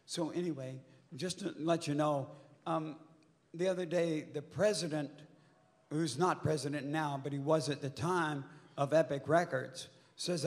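An older man with a slightly high voice spins an animated story for a convention crowd, swearing and shouting at the peaks. His voice rings out with a long hall reverb from a handheld stage mic. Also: slow. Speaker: convention panel guest.

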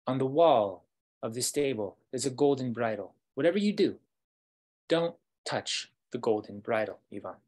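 A man voicing a wise, patient old male gray wolf in a storytelling, with a husky voice that jumps higher and louder when excited. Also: moderate pace, long pauses, full character voice. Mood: instructing. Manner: patient, instructive.

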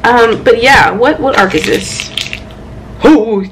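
A young woman chatting casually at home about her manga haul, excitable and playful, with loud exclamations and quick asides. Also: on the high side, a little hiss or hum, low-quality recording. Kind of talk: casual chat.

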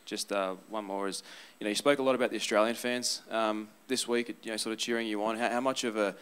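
A man's voice: lowish voice, steady tone, fast talker, a bit bright, smooth. A male reporter asking a fighter questions at a press conference, hesitant and full of fillers.

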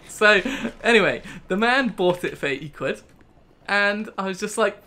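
A young British host on a gaming channel rambles animatedly through a story in a casual let's play, laughing as he goes. His high-pitched voice is bright and forceful at a measured pace, with some hiss or hum audible.

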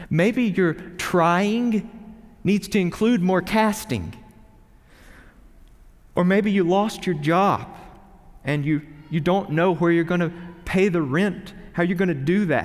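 A man preaching a sermon with earnest emphasis, moving from quiet reflection to urgent pleading. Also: on the high side. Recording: reverberant hall.

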